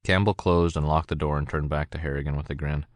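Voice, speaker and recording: A male narrator reads a novel aloud in steady scripted narration. His voice sits extremely low. The sound is dry and close, with no room in it. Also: quick pace, no room sound. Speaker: audiobook narrator.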